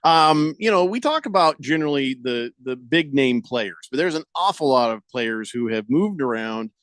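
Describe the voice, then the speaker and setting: A man's voice: mid-range voice, animated, moderate pace, a bit bright, no echo. A middle-aged man, the host of a sports radio show, chatting and joking in a loose, rambling way. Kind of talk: casual radio banter.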